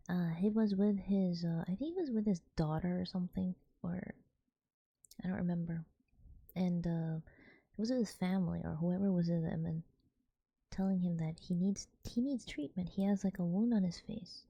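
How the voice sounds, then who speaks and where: A woman, softly whispering as a streamer telling a story in ASMR style, rambling with restarts. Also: fairly low pitch, moderate pace, creaky, husky, dry recording.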